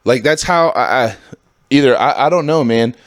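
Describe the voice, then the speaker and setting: A man in his thirties hosting a solo podcast, ranting with constant swearing and jumping into high, exasperated outbursts. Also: moderate pace, no room sound, clean studio sound. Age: 30s. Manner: profane, ranting, swings into high exasperated bursts. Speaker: podcast host.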